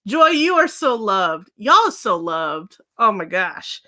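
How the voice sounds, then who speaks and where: A woman's voice: mid-range voice, big pitch swings, takes it slowly, few pauses, bright, forceful tone. A young woman hosting a casual beauty livestream, rambling effusively to her viewers and laughing often.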